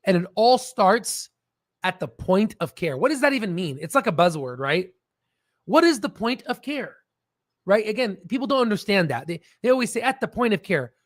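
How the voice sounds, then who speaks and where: High-voiced rambling stock commentator man. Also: very animated, moderate pace, no echo. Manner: rambling, jokey, keeps asking "right?". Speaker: stock market video host.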